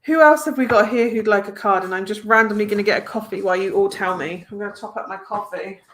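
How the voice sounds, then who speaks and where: A tarot reader hosts a live stream, reading cards and reading out viewers' comments while chatting with them casually and encouragingly. Her medium-pitched voice is fast and a bit bright, with a little hiss or hum in the background.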